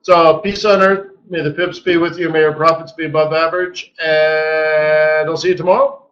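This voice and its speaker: A man hosting a live trading webinar, walking through charts in an animated, joking way with lots of rhetorical questions. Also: fairly high pitch, normal speed, muffled recording. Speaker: forex market strategist hosting a daily webinar.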